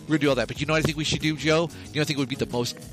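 A man's voice: a little high, fairly even intonation, very fast, over music. A man co-hosting a podcast, rambling and joking with swearing, telling silly made-up scenarios. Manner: rambling, profane, jokey storytelling. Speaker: podcast co-host. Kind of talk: casual chat.

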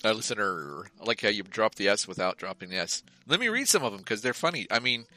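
A man's voice: on the low side, big pitch swings, fast talker, pushed and bright, soft background music. A man co-hosting a podcast in casual chat, teasing his friend and laughing often. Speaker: podcast co-host.

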